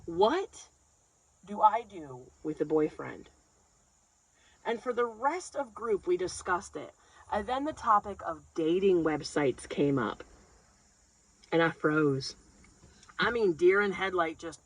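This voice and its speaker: A woman doing stand-up comedy, telling a story in an animated way and acting out the scenes. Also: fairly low pitch, takes it slowly, pauses often, husky, no room sound, low-quality recording. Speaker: stand-up comic.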